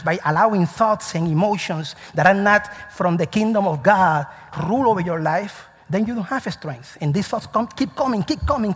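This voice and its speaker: Husky high-voiced preacher in a reverberant hall. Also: male voice, fairly bright tone. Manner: call-and-response questions to the congregation. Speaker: pastor. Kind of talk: sermon.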